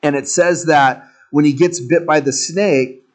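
A man preaching a sermon in a conversational, animated storytelling way with joking asides. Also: fairly high pitch, a little slow. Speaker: pastor.

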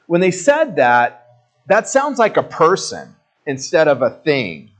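A man preaching a sermon in a conversational, animated storytelling way with joking asides. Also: a little high, measured pace. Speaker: pastor.

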